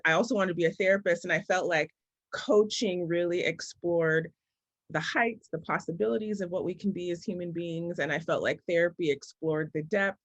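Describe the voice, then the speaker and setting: A woman in her forties, a business coach, answering interview questions in a thoughtful, story-telling way that often slows down to make a point. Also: on the low side, dry recording, muffled recording.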